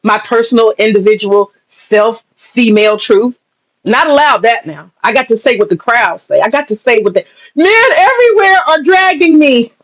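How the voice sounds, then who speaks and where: A woman's voice: medium pitch, poor audio. A woman hosting a livestream, talking casually and sarcastically with lots of slang, profanity and frequent laughter. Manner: casual slangy talk, drawn-out mock pleading. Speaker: livestream host and businesswoman. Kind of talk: livestream chat reading comments.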